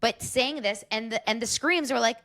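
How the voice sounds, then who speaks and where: A woman co-hosting a podcast in casual chat, animated and mimicking crowd screams as she tells stories. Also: fairly high pitch, normal speed, dry recording, clean studio sound. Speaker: podcast co-host.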